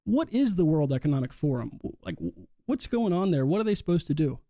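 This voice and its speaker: A man's voice: a little high, big pitch swings, a little fast, warm tone, no echo. A man hosting an interview over a video call and asking earnest, probing questions. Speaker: host.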